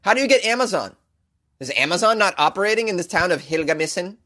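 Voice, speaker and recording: On his comedic commentary show, this podcast host races through bizarre news items, talking fast in a slightly high voice. He's animated and sarcastic, breaking into mock impressions while riffing.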